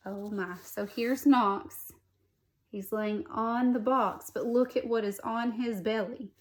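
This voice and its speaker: Woman teacher reading aloud to young kids; unhurried, slightly high voice, gentle asides. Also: fairly even intonation. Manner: gently comments on pictures and asks children questions. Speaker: first grade teacher. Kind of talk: reading a picture book aloud to children.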